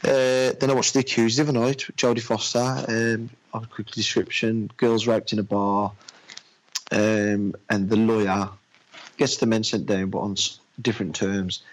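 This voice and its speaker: A man's voice: on the low side, level tone, rough recording. A man in casual chat about films he has watched, chatty and loose, acting out little anecdotes. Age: adult with a daughter. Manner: chatty, uses "mate", acts out anecdotes in quick voices.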